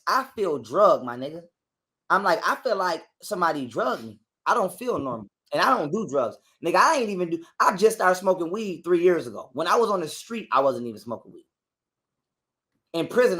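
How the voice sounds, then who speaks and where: A man, an interview guest, telling a profane story in casual conversation and acting out other people's lines as he goes. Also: high voice. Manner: animated retelling that acts out other people's lines.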